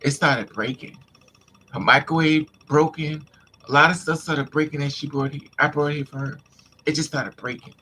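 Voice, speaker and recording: A man's voice: fairly high pitch, fairly even intonation, moderate pace, sharp tone, slight background noise. A man vlogger intensely telling a painful personal story to his viewers, repeating himself as he vents. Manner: intense, repetitive, venting.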